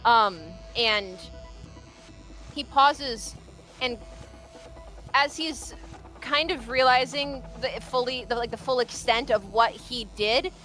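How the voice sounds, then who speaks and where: Hesitant, slow-talking woman player. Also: a little high, pushed and bright, faint music behind. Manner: hesitant, many ums and restarts. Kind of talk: describing her character's actions in a tabletop game.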